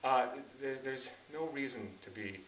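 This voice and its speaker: A man's voice: medium pitch, measured pace, fairly bright tone, a little hiss or hum. A male improv comedian talking to a live audience, rambling and self-mocking with frequent laughs. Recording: roomy, distant mic.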